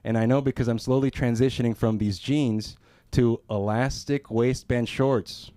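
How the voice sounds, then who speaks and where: A man's voice: medium pitch, steady tone, normal speed, warm tone, dry recording. A male comedian delivering a stand-up set, punchy and self-deprecating, acting out little characters. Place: small comedy club stage.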